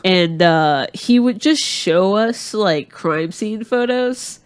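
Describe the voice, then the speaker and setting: On this podcast, a co-host from Atlanta, USA speaks in a high, animated voice at a slow pace, sounding clear and resonant. He's a rambling storyteller, spinning out a long tale casually with plenty of fillers and false starts.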